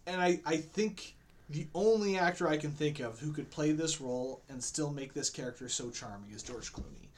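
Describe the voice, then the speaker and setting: A man's voice: fairly high pitch, normal speed, slight background noise. A man chatting casually as a podcast co-host, enthusiastic, often restarting with repeated words. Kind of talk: casual chat.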